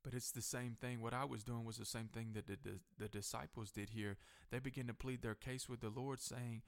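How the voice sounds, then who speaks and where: A man preaching a sermon in a gravelly, mid-pitched voice. He climbs higher and louder through repeated lines, then eases into a quieter, slower way of talking when he recounts his own story. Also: steady tone. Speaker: pastor.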